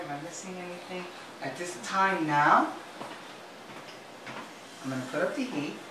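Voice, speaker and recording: A woman's voice: fairly low pitch, roomy sound. Flamboyant woman cooking host, chatty; distant mic, noisy background. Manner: chatty, flamboyant, talks to viewers. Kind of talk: cooking demonstration. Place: home kitchen.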